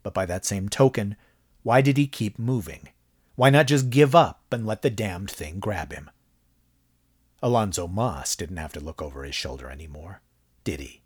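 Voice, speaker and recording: A man reads a horror story aloud from a script, with dramatic storytelling. His voice is very deep and husky. His pitch rises and falls a great deal to build tension. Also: animated, normal speed. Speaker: audiobook narrator.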